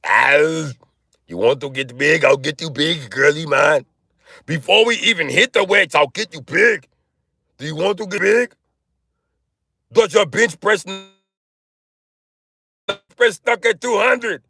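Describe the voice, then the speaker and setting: A man's voice: on the high side, gravelly, bright, forceful tone, husky, dry recording, pitched above the performer's own voice, full character voice. A man putting on a boastful bodybuilder-trainer impression, barking hyped-up workout advice into a phone. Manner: barking, hyped-up coaching with drawn-out instructions.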